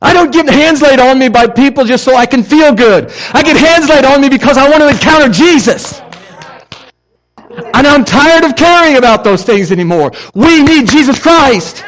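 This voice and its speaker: Male pastor, high voice, fervent and chatty from the pulpit. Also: lively intonation, moderate pace, a bit bright, rough recording. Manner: passionate, conversational preaching with casual asides. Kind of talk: sermon.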